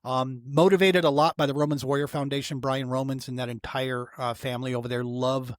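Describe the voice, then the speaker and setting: A middle-aged man tells a personal story as a podcast guest, in an earnest, emotional, conversational way. His voice sits at an ordinary pitch and is recorded close and dry, with no room sound around it. He often breaks off and restarts his sentences. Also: little pitch movement, brisk, dry recording. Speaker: podcast guest, outdoor therapy founder. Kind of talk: casual storytelling in a podcast interview.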